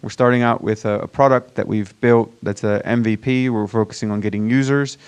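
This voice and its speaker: A man's voice: on the low side, fairly even intonation, fairly quick, clean tone. Chatty man with a mixed American-British accent. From Virginia, US. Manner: chatty, self-deprecating, many fillers and restarts. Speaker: startup founder pitching to an audience. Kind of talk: casual conference presentation. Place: conference room before a live audience.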